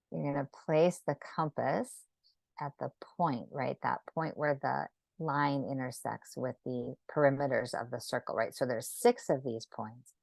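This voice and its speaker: Over a video call, a woman with a low, gravelly voice leads a live sacred geometry drawing lesson. She speaks gently and without hurry, frequently checking in with "right?". The audio is close and dry, with no echo.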